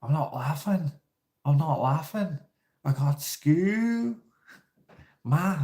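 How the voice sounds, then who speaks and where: A man voicing an upset little girl with a high, drawn-out whine. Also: lively intonation, darkish tone, echoey room. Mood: whiny.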